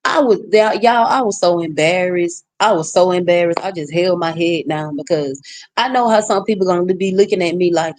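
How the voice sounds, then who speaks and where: A woman vlogger ranting casually to her viewers in a fairly low voice. She is blunt and outspoken, and the sound is dry and close. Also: normal speed, darkish tone, no room sound.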